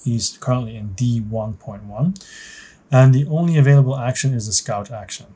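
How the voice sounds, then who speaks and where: A man's voice: medium pitch, moderate pace, dark tone, slightly rough. A man hosting a solo board game playthrough, reading the rules and story aloud and explaining as he goes, thinking aloud. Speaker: board game channel host.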